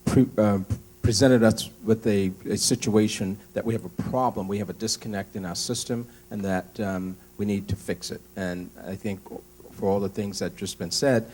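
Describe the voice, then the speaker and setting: A man answering as a candidate at a forum, halting and full of fillers. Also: fairly low pitch, fairly even intonation, darkish tone. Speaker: congressional candidate.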